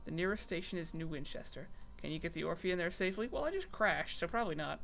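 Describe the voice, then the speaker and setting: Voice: medium pitch, fast, creaky, a bit bright. A streamer reading game text aloud on a casual stream, often stumbling over words and making fun of themself.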